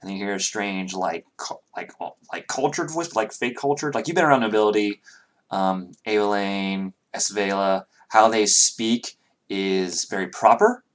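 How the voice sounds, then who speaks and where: A man's voice: fairly low pitch, moderate pace. A man narrating as game master, rambling with many fillers and self-corrections.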